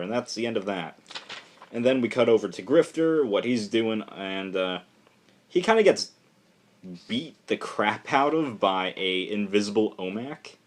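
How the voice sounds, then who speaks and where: Rambling lower-voiced guy reviewing comics. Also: measured pace. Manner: rambling and excitable, heavy use of "like" and "just". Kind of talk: casual review vlog.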